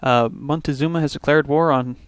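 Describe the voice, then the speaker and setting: A man's voice: fairly high pitch, steady tone, brisk, clean tone, dry recording. A man from Canada hosting a let's play, casually thinking aloud through his turns with restarts and little asides. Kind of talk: casual gameplay commentary.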